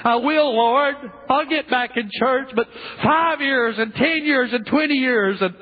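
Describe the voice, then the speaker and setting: A male preacher playing a regretful father lamenting from hell, with a halting, pleading, mournful delivery. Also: very high-pitched, voice pushed up. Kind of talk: dramatic sermon reading. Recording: tinny lo-fi phone-like recording.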